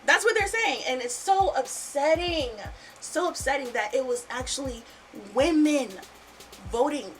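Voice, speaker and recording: A woman's voice: high voice, a little slow, faint music behind, rough recording. A woman hosting a casual podcast, angry and swearing freely, repeating her points. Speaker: podcast host.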